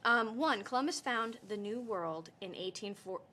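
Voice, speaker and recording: A woman's voice: a little high, expressive, normal speed, bright, forceful tone, a little hiss or hum. A woman running a history quiz game in a casual promo, upbeat and giggly. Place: indoor promo shoot.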